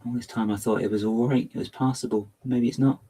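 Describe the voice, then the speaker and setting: Against a noisy background, a man talks fast while building on a livestream. The chat is casual, playful and self-deprecating, delivered with lively energy and exaggerated swings into high pitch.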